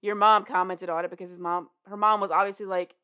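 A woman's voice: medium pitch, steady tone, bright, forceful tone, clear, resonant tone. A woman chatting casually with a friend, retelling a story and briefly quoting the characters in it. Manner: casual, profane, acts out characters in quick quotes.

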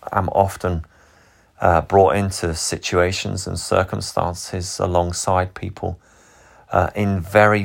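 A man's voice: low voice, gravelly. A man, a pastor, giving an earnest, reflective sermon and often repeating words as he starts a thought.

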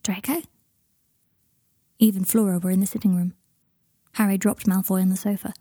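A woman narrating an audiobook in an even storytelling manner on a close microphone. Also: mid-range voice, fast talker, no echo.

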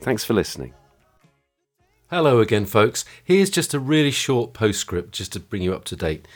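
A man's voice: on the low side, sing-song, moderate pace, faint music behind. A man hosting a podcast in a home studio room, talking casually and hesitantly, with many fillers and restarts. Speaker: podcast host. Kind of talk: casual chat and wrap-up.

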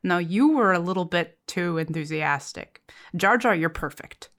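Quick, sarcastic woman cohost. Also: on the low side, animated, fairly bright tone. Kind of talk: improv comedy chat.

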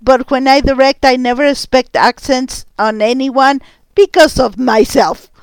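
A woman's voice: high-pitched, fairly even intonation, measured pace, clear, resonant tone, dry recording. A woman theater director being interviewed, speaking earnestly and with emphasis. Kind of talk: interview guest.

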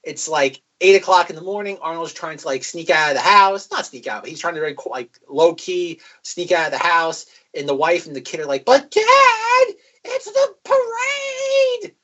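A man's voice: a little high, brisk, few pauses, pushed and bright, lo-fi sound. A man co-hosting a podcast, recapping a film casually with lots of fillers. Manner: rambling, filler-heavy storytelling. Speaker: podcast co-host.

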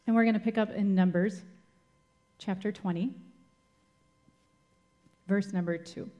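A woman's voice: mid-range voice, steady tone, measured pace, warm tone, highs cut off. A woman giving a sermon as a Bible teacher, retelling scripture dramatically and asking the listeners rhetorical questions.

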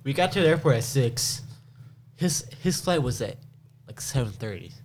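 A man's voice: mid-range voice, moderate pace, a little hiss or hum. A young man co-hosting a podcast, telling stories in casual chat, laughing often and swearing freely. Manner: laughing storyteller, swearing, animated impressions. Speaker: podcast co-host.

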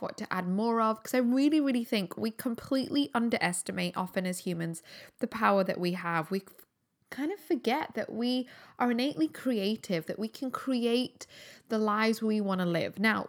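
A Scottish woman in her thirties hosting a podcast, chatting casually with giggles and self-deprecating asides. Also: medium pitch. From Scotland. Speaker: podcast host.

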